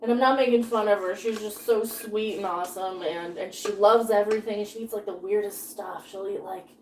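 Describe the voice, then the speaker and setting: A woman's voice: mid-range voice, steady tone, a little fast, a little mellow, a little hiss or hum. A woman in her thirties chatting casually while cooking on a live stream, rambling and laughing often as she reads chat.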